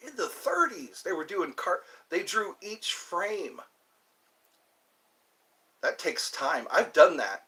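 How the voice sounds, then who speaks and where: Bright-voiced rambling man vlogger. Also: high-pitched, sing-song, slow, long pauses. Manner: meandering, chatty, puts on playful voices. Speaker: channel host. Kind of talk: rambling casual vlog chat.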